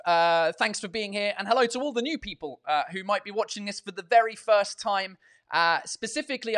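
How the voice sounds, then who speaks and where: Sweary, chatty man with a high voice. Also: fairly bright tone. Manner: swears freely, self-mocking, chatty with many fillers. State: tired. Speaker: comedy podcast and livestream host. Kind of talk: casual rambling chat.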